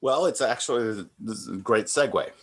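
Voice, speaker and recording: Low-voiced man chatting in an interview. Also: moderate pace, husky. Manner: rambling, self-deprecating, many fillers and restarts. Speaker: comic artist guest. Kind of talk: relaxed conversational interview.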